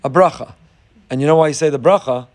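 A middle-aged man teaches a Torah class from his own stories. His voice sits a little high for a man, and he jumps higher still when he acts out other people. He keeps a lively storyteller's manner throughout. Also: fast.

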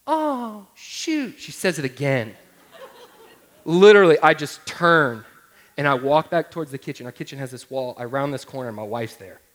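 A man's voice: sits high, fairly bright tone. A man in his thirties, a pastor preaching a sermon through a humorous personal story, talking to the listeners directly in a conversational way.

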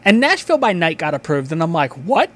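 A man hosting a podcast, chatting casually and reading sponsor spots in a loose, profane, excitable way. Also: on the high side, quick pace. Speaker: podcast host.

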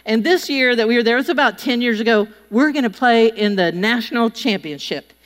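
A woman preaching a sermon, telling chatty, animated personal stories and acting out the voices of the people in them. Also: on the high side, brisk. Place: church hall. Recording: long hall reverb.

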